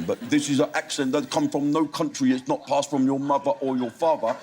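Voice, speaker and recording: A man's voice: mid-range voice, steady tone, a little fast, hardly any pauses, slight background noise. A man, a comedian answering interview questions candidly and laughing at his own punchlines in a TV studio. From England. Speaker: comedian guest. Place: television studio.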